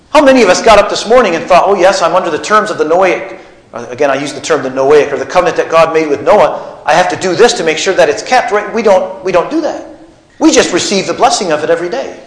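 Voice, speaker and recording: High-voiced man preaching in an echoey church. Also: a bit bright. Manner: teaching, asks the congregation questions. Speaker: pastor. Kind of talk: sermon.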